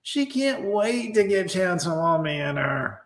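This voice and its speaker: High-voiced guy going off crude and mocking to his viewers, echoey room. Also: sing-song, unhurried. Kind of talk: casual monologue to viewers.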